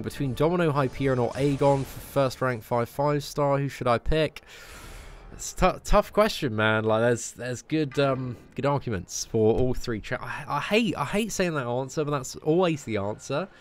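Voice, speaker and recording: A young British man casually answering viewer questions on a game live stream, relaxed and chatty, often tagging sentences with "man.". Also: mid-range voice, normal speed, faint music behind.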